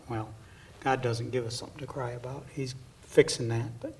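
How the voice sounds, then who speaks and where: A man preaching a sermon in a slow, earnest way, dropping to hushed asides. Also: mid-range voice, recorded from a distance. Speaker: pastor.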